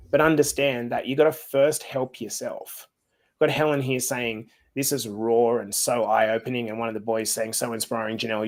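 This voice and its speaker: A man hosting a casual podcast conversation. He talks bluntly and swears freely, at an ordinary middle pitch, and winds up with an upbeat sign-off. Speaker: podcast host.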